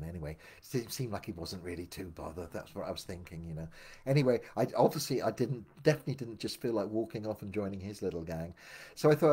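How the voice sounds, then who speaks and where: A man's voice: fairly quick, dark tone. Rambling older male storyteller. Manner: meandering, full of restarts, drops low for asides. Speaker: memoir narrator. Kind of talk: rambling spoken memoir storytelling.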